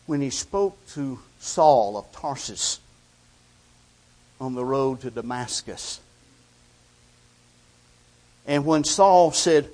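A man preaching a sermon, slow and deliberate, swinging between loud declarations and hushed lines. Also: mid-range voice, lively intonation.

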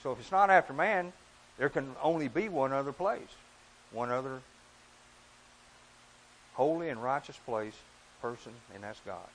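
A man's voice: animated, normal speed, pauses often, a bit bright, a little hiss or hum, rough recording. Earnest man preaching a sermon. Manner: earnest, emphatic, rises and drops in pitch and volume.

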